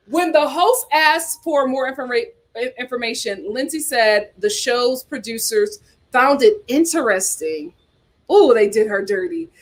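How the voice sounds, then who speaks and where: Woman, fairly high voice, outspoken, animated, reading and reacting. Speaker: host. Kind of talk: casual commentary, reading articles and comments aloud.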